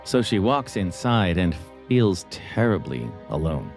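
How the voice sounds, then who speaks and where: Low-voiced male narrator over soft music. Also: very animated, unhurried. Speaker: podcast host and narrator. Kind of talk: scripted narration.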